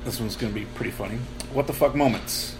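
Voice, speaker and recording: Joking, animated host; clear background noise in the recording. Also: mid-range voice, fast talker. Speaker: podcast host. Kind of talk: casual chat.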